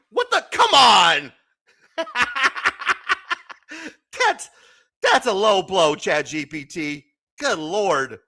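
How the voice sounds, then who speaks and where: A man's voice: a little high, a bit bright. A man hosting a casual late-night livestream, chatty and joking, often laughing and swearing. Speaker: livestream host.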